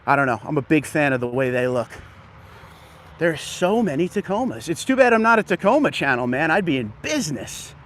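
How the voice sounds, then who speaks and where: A man's voice: on the high side, very animated, a little fast, fairly bright tone. A man hosting a casual live stream, walking through an outdoor dealership lot and greeting viewers by name, a little out of breath from walking. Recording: faint outdoor background noise.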